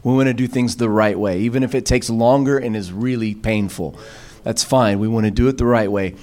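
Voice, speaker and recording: Animated storytelling man preaching. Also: brisk. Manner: animated, acts out quoted voices with sudden pitch jumps; storytelling with many fillers and restarts. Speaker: pastor. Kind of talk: sermon.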